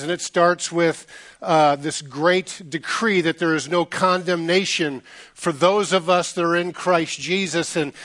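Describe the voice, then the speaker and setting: A middle-aged pastor with a fairly high voice preaches to his congregation. He keeps it casual and jokey and acts out the voices of people in his stories. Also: a bit bright. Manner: jokey, conversational, acts out quoted dialogue. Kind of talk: sermon with storytelling. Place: church sanctuary.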